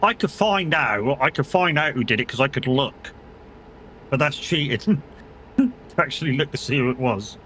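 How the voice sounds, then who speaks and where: A man's voice: mid-range voice, expressive, moderate pace, long pauses, bright, forceful tone, slight background noise. A man streaming a game live, chatting casually, swearing freely and bantering with his chat. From United Kingdom.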